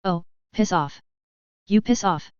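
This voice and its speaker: A woman's voice: medium pitch, slow, darkish tone, clear, resonant tone, no room sound, close to an everyday voice. A woman reading the lines of a weary, dryly wry male warrior in a fan fiction story. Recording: slightly dull, dry lo-fi recording.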